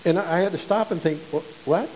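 A man's voice: sits high, fairly quick, a little mellow, in a large hall, slight background noise, rough recording. A male pastor preaching a sermon in a conversational way, often repeating and restarting words.

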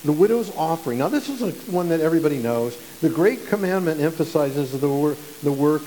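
A man's voice: fairly high pitch, animated, fairly quick, mellow, long reverb tail, a little hiss or hum, low-quality recording. A male pastor preaching a sermon in a conversational way, often repeating and restarting words.

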